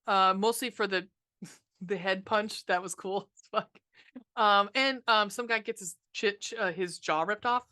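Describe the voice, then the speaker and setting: A woman's voice: mid-range voice, a little slow, pushed and bright. A woman co-hosting a horror movie podcast, ranting casually with lots of swearing and ums. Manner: profane, ranting, frequent ums. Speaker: podcast co-host reviewing horror films. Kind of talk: casual movie review chat.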